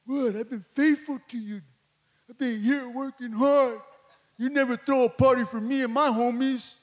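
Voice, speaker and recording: A man's voice: very high-pitched, expressive, measured pace, bright, forceful tone, long reverb tail, full character voice. A man voicing a resentful older brother who whines that he was faithful and got nothing in return. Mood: indignant. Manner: whiny complaining.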